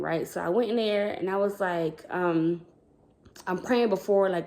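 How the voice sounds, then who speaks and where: A woman's voice: medium pitch, normal speed. A woman who works as a school counselor telling a personal story to her viewers in a casual, rambling way, often calling them "y'all". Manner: chatty, rambling, addresses viewers as "y'all", acts out quoted dialogue.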